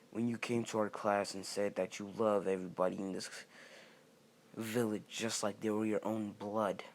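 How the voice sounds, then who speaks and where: A young man voicing a vengeful young male ninja turned evil, speaking in a cold, bitter, contemptuous way. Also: fairly low pitch.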